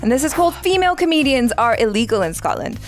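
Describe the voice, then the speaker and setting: A woman co-hosting a reaction video in casual chat, chatty and quick to laugh. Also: sits high, big pitch swings, soft background music. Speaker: reaction channel co-host.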